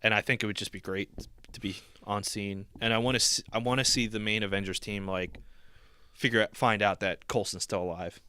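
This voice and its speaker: A man's voice: fairly low pitch, a little fast, smooth, dry recording. A man co-hosting a podcast, chatting casually with lots of fillers. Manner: relaxed, filler-heavy. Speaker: podcast co-host. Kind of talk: casual chat.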